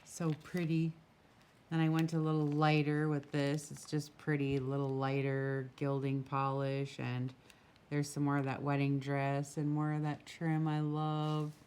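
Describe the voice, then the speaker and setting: Low-voiced woman chatting through a craft journal. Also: completely flat delivery, unhurried, darkish tone, clean tone. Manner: chatty, gushing, full of small asides. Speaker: craft shop owner showing a handmade journal. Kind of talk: casual craft flip-through. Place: outdoors with a breeze. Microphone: camera mic.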